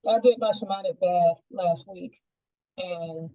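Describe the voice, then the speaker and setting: A woman's voice: lowish voice, a little slow, no room sound, lo-fi sound. A woman sharing a personal experience in a group coaching session, reflective and searching, with many fillers.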